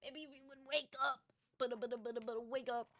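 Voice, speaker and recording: A woman's voice: high-pitched, fairly even intonation, brisk, a bit bright. A woman streamer reading game dialogue aloud, with playful joking asides between the lines. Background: game music.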